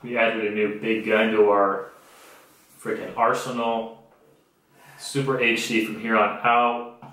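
A man's voice: lowish voice, little pitch movement, slow pace, fairly bright tone, very echoey, low-quality recording. A young man hosting his own podcast from a homemade studio, telling stories in a blunt, profane, sarcastic way. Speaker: podcast host. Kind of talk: casual comedic podcast monologue.

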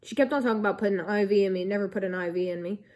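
A woman's voice: mid-range voice, rapid-fire, darkish tone. A young woman telling a rambling story to camera, full of likes and ums. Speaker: vlogger.

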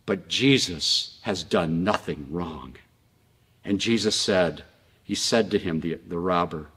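A low-voiced male pastor delivering a slow, impassioned sermon. He swings between loud outbursts and hushed passages, and his voice is slightly husky. It rings out with the long reverb of a large church hall. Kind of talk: sermon and prayer. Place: church sanctuary.

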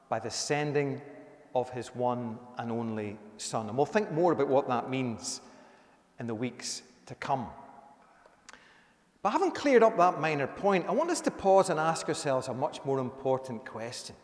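A man, a minister giving a conversational sermon with emphatic rises. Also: medium pitch. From Northern Ireland. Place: church. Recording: echoey church hall.

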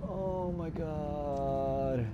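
A man giving let's play commentary, swinging between nervous muttering and loud excited shouting, and swearing a lot. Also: a little high, extremely slow, muffled recording, background noise. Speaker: gaming streamer.

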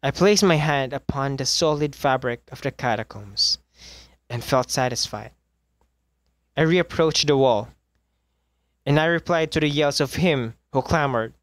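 Male amateur reader, mid-pitched, measured story narration, dry close mic. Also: fairly bright tone, no echo. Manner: measured, with occasional misreadings and self-corrections. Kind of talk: reading a classic short story aloud.

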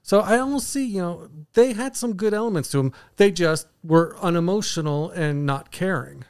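Male podcast co-host, fairly high and smooth voice, dry close mic, speculative and questioning in casual film chat. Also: moderate pace, dry recording. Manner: animated, speculative, poses questions. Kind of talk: casual movie review chat.

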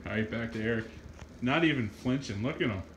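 A man hosting a hot sauce challenge among friends, teasing and excitable in casual banter. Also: mid-range voice, fairly quick. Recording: echoey room with faint noise.

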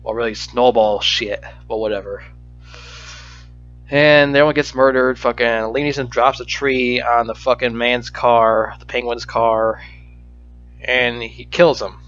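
A man rants through a movie review in a steady mid-range voice, swearing often and tripping over his words as he restarts his sentences. The recording is muffled and lo-fi, with faint music underneath. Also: mid-range voice, measured pace. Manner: profane, exasperated, stammering restarts.

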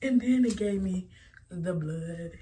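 A woman's voice: on the low side, slow, mellow. A woman vlogging casually to camera, chatting to her viewers and calling them y'all. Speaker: family vlogger. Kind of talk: casual vlog chat to camera. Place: car, then store aisles and home. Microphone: handheld phone camera. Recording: noisy handheld phone audio.

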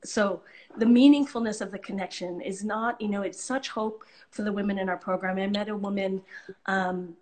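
A woman's voice: medium pitch, fairly even intonation, moderate pace, a little mellow. A woman hosting an interview, telling stories in an earnest, appreciative way, often restarting her sentences. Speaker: host, charity leader. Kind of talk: conversational interview.

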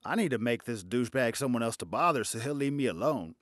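A man's voice: medium pitch, lively intonation, quick pace, dry recording, lightly acted. A man voicing a short-tempered, profane male God who acts like a disappointed father. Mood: dismissive. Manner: irritated, swearing, short-tempered.

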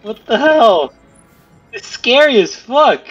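A man's voice: very high voice, sing-song, takes it slowly, a bit bright, breathy edge, muffled recording, soft background music. A young man giving casual gameplay commentary, confused and exasperated, swearing often. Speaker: gamer.

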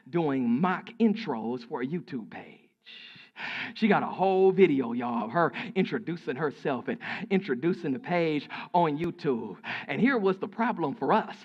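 High-voiced preaching pastor man. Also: dull audio. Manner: preaching with folksy storytelling and repetition. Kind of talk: sermon.

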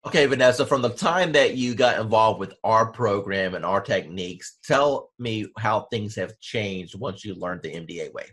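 Husky-voiced man asking leading questions. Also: lowish voice, normal speed, few pauses, fairly bright tone. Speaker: host and interviewer. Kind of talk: testimonial interview.

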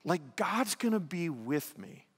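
A man's voice: fairly high pitch, sing-song, takes it slowly, slightly rough, long reverb tail, voice pushed up, exaggerated voice. A man voicing the young shepherd David as a brash, confident youth who talks in casual modern slang.

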